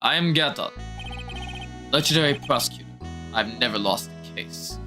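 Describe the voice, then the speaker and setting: A woman voicing a brooding, smug male prosecutor while reading a visual novel on stream, speaking in slow, low pronouncements. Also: lively intonation, sharp tone, faint music behind, full character voice. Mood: solemn.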